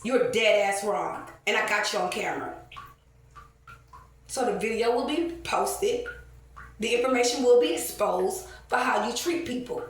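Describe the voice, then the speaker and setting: A woman rants to camera, swearing freely and winding through her story with plenty of ums. She sounds set back from the mic in a very echoey space, with faint noise underneath. Her pitch sits in an ordinary middle range. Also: measured pace, distant mic. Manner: heated, profane storytelling with many fillers. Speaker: vlogger. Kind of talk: casual rant to camera.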